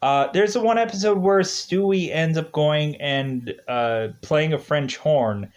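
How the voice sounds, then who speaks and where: A man giving casual, rambling commentary on a mobile game he's playing, chatty and quick to laugh. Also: on the high side. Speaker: gaming video host. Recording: dull lo-fi recording.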